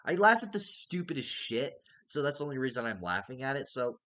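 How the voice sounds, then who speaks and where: A man's voice: mid-range voice, very animated, brisk, sharp tone. A man casually reviewing a TV show, rambling and hedging, with casual swearing.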